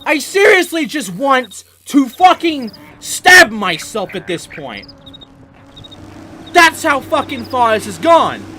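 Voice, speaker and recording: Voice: high voice, big pitch swings, slow, noisy background. A gaming host giving let's play commentary, ranting in a profane, exasperated way.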